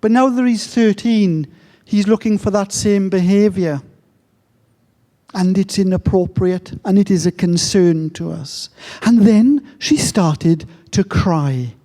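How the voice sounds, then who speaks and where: A middle-aged man tells a story at an unhurried pace, leaving long pauses between phrases. His voice sits a little high for a man, yet it sounds mellow and soft. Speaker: speaker telling a story. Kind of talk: slow, reflective storytelling talk.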